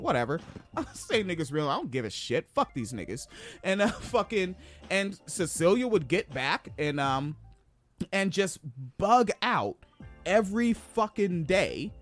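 A man from Washington State hosting a podcast, telling stories in a profane, animated way. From Washington State, USA. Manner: profane, animated, swings pitch for emphasis. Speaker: podcast host. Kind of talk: casual storytelling chat.

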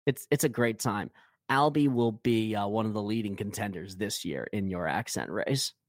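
A man talking hockey in a loose, rambling way, often stopping to restart his sentences. His voice sits low and the recording is dry and close, with no room sound. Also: normal speed, no echo. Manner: rambling, with frequent fillers and restarts. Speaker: podcast co-host. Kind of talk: casual hockey chat.

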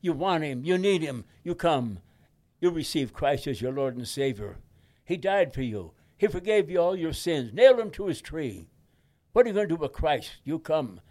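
An old man imitating a booming fervent evangelist. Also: sing-song, normal speed, darkish tone. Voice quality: booming, urgent preaching cadence. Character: fervent male evangelist preaching to a crowd.

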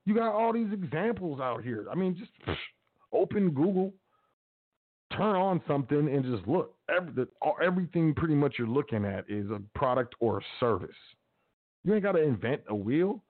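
A man's voice: a little high, very animated, normal speed. Man preaching casually over a tinny line. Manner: casual, preachy, repetitive urging. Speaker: podcast host. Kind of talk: motivational talk. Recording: tinny phone-like audio.

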